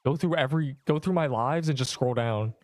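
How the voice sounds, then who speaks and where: Streaming an online game, this man banters with viewers, responds to their chat, and pokes fun at himself. His mid-range voice is a little mellow and fairly quick, captured in clean studio sound with no echo.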